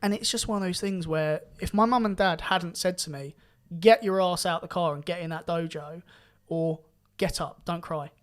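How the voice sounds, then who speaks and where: A young man telling his story in a casual podcast chat, animated and swearing now and then. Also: high-pitched, moderate pace, hardly any pauses. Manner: animated, rising loud when excited, swears casually. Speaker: podcast guest karate champion.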